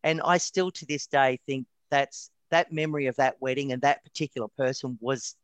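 An Australian man, a retired wedding photographer, telling lively stories in an interview with frequent repeated words. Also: medium pitch, moderate pace, clean tone, no room sound. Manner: animated, lively anecdotes with stammered repeats. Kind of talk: casual storytelling.

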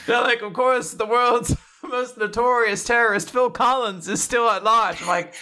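A man's voice: extremely high pitch, fairly even intonation, moderate pace, hardly any pauses, bright, forceful tone. A man co-hosting a podcast in casual chat, joking and laughing often. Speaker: podcast co-host.

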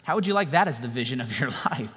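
A man preaching a sermon in an animated, joking, conversational way. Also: mid-range voice, fast, slightly rough. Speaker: pastor. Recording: echoey hall reverb.

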